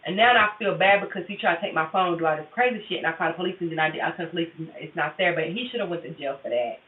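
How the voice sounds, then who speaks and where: A woman's voice: lowish voice, racing, echoey room. Candid woman chatting to viewers, tinny distant audio. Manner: candid, profane, confessional, addresses viewers directly. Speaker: tarot reader livestreaming. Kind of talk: casual livestream chat with viewers.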